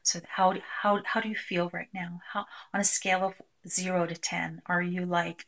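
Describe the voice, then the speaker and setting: A woman presenting a live workshop, talking through a technique with many pauses and fillers. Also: lowish voice, level tone, creaky, fairly bright tone. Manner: hesitant, filler-heavy, demonstrates by voicing a client. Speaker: clinician presenting a tapping technique.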